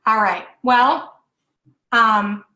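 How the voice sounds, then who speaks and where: A woman's voice: fairly high pitch, fairly even intonation, drawn-out words, sharp tone. A woman in her forties hosting a live parenting workshop, chatty and reassuring as she answers viewer questions with frequent fillers. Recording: echoey room.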